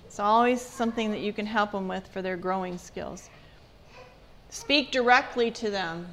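A woman leads a church parenting seminar in a conversational voice. She speaks at a middle pitch and often puts questions to her listeners. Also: normal speed, fairly bright tone, a little hiss or hum. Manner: conversational, asks the audience questions.

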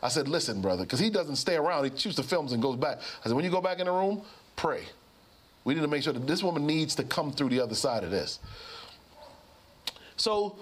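A man with a high-pitched voice tells a story in a lively sermon style. He speaks as a pastor and physician, and he acts out the voices of the people in his story.

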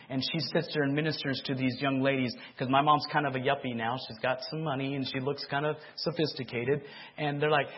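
A man's voice: mid-range voice, steady tone, a little fast, few pauses, slightly rough. A man preaching his testimony as an emotional sermon, speaking passionately and repeating a refrain to his congregation. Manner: impassioned, repeats a refrain, seeks audience response. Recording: dull lo-fi sermon recording.

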